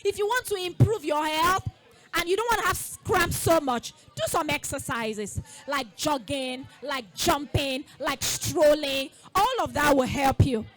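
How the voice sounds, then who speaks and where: A woman giving a lively call-and-response talk to a group of girls, coaxing them to repeat after her. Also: high voice, measured pace, faint music behind. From Nigeria. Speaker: school founder speaking to girls. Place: festival event space.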